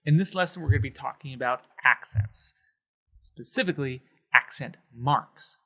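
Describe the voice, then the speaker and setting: A man's voice: mid-range voice, moderate pace, pushed and bright. A man teaching a Spanish lesson on video, explaining with emphasis and sounding out words syllable by syllable.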